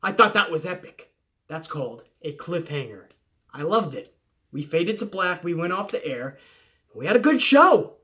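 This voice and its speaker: High-voiced middle-aged guy ranting about wrestling, swears a lot, rambly casual vlog. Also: moderate pace. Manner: profane, animated, rambling. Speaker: wrestling show reviewer. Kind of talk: casual opinionated recap vlog.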